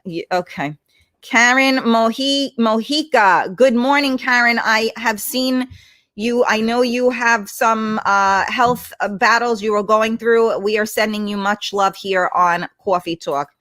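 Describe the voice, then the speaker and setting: A woman's voice: on the high side, a little slow, no echo. Woman host, casual livestream chat, blunt and chatty, dry close sound. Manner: blunt, chatty, swears freely; warm greetings to viewers by name.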